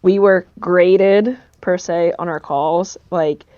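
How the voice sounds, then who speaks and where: A woman's voice: lowish voice, steady tone, slow, dark tone, dry recording. A woman on a casual podcast, telling a funny story with a lot of laughter, acted-out quotes and swearing. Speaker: podcast co-host. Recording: dull lo-fi sound.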